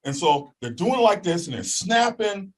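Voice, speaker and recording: A man telling a personal story as a guest in an animated way. He acts out voices and sounds and keeps checking in with "okay?". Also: sits high, unhurried, low-quality recording.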